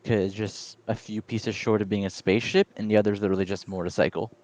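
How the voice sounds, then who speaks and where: Brief: male player, lower voice, hesitant explanations. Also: flat delivery, fast talker, darkish tone. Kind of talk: casual chat in a tabletop game.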